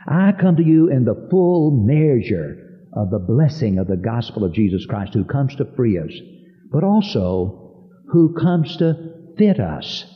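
A man preaching a sermon in a church sanctuary, slow and emphatic, with sweeping rises and falls. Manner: slow, emphatic preaching with dramatic pitch swings. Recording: dull lo-fi recording, long hall reverb.

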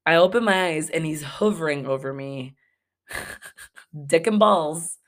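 Low-pitched and slow, this young adult woman from Los Angeles tells a travel story on her podcast. The monologue is casual, frank, and sprinkled with profanity.

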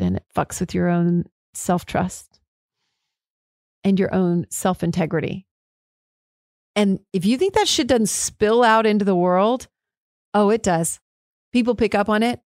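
This is a woman's mid-range, slightly mellow voice, cleanly recorded in a studio without echo. She hosts her own podcast, talking alone with frank candor, growing fired up and dropping the occasional swear.

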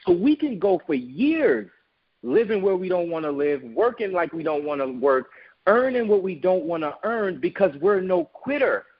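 A man's voice: high-pitched, big pitch swings, moderate pace, husky, dull audio. A man who owns a business, telling an emphatic motivational story in an interview. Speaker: guest, business owner.

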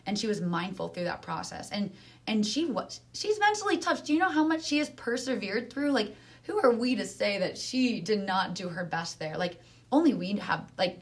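A woman's voice: medium pitch, vocal fry. Earnest woman talking in casual conversation. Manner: earnest, animated, many fillers.

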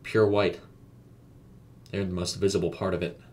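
A man narrating a scripted horror story in a measured, suspenseful way. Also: sits low, level tone, a little hiss or hum.

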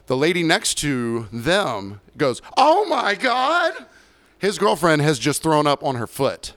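A man's voice: fairly high pitch, unhurried, no echo. A man in casual chat telling a profane story about his bartending shift, acting out the voices of the people in it. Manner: animated, profane, acts out quoted voices.

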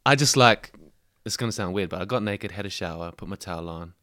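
A man's voice: deep voice, fast talker, pushed and bright. A young man with a New Zealand accent, a guest on a casual podcast, telling stories in a laid-back way and calling his host bro again and again. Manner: laid-back storyteller, says bro constantly. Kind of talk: casual chat.

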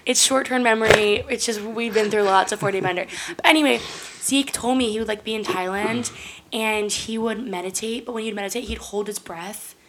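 A woman's voice: mid-range voice, brisk, noisy background. A young woman hosting a podcast, telling stories in casual chat with lots of fillers and swearing. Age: young adult. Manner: rambling, many fillers and profanity, lively storytelling. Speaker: podcast host.

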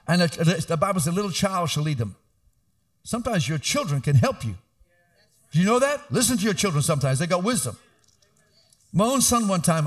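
Middle-aged male pastor, animated sermon delivery, slightly high voice with lively swings. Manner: animated preaching, rising to emphatic calls.

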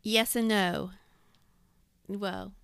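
A woman with a gravelly, fry-laden voice leads a relaxed Bible study, reading verses aloud and asking the group questions. The sound is dry and close. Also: medium pitch, very slow, dry recording. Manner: reads scripture aloud and asks questions. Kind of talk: casual Bible study discussion.

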